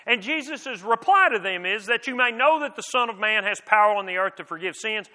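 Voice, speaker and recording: High bright-voiced male preacher in a reverberant hall. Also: lively intonation, brisk. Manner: earnest and conversational, many restarts and rhetorical questions. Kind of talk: sermon. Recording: long reverb of a large hall.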